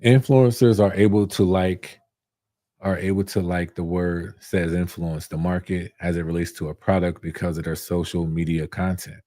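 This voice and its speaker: A man's voice: sits low, fairly even intonation, normal speed, warm tone, dry recording, clean studio sound. A young man who reviews barber tools, chatting casually on a live stream, reading viewer comments and answering in a laid-back, slangy way that repeats itself.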